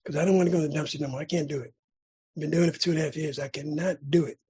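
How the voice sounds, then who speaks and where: A middle-aged man from California sharing his recovery story at a meeting, telling it dramatically with sudden loud bursts and rhythmic repetition. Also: fairly high pitch, fairly even intonation, racing, slightly rough. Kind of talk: personal recovery testimony.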